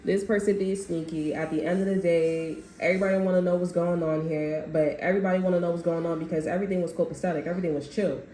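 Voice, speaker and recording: A woman's voice: lowish voice, fairly even intonation, very fast, few pauses, mellow. Rambling slangy woman tarot reader. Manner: loose, rambling slang-heavy talk, acting out quotes. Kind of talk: casual spoken tarot reading. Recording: echoey room with faint background noise.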